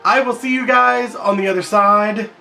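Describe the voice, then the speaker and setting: A man's voice: sits high, fairly even intonation, normal speed, creaky, over music. A man, rambling casually in a daily vlog, self-deprecating and full of fillers. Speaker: vlogger. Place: at his workplace in the evening.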